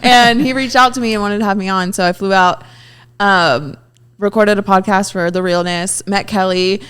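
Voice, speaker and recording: A woman's voice: medium pitch, fairly even intonation, normal speed, a bit bright, clean tone. A woman co-hosting a podcast in candid casual chat, open and laughing, who swears freely. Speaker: podcast co-host.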